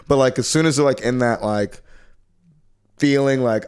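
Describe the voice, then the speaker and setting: A young man co-hosting a podcast, chatting casually, quick to react and tease, acting out dialogue as he tells stories. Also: mid-range voice, steady tone, a little mellow, clean tone. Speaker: podcast co-host. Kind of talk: casual chat.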